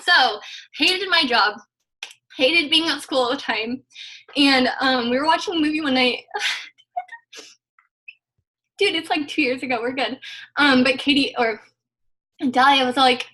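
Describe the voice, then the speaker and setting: A young woman with a bright, clear voice that sits a little high, talking casually and rambling through her advice. Her sentences keep restarting and are packed with "like". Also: measured pace, pauses often, rough recording. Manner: rambling, heavy use of "like". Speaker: guest network marketer. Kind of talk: casual motivational chat.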